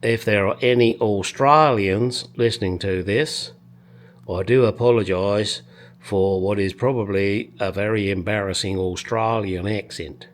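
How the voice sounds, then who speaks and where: A man's voice: on the low side, a little slow. A man chatting casually in his home garage about a car restoration, rambling and making crude jokes. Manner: rambling, crude joking, swears freely. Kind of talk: casual workshop chat.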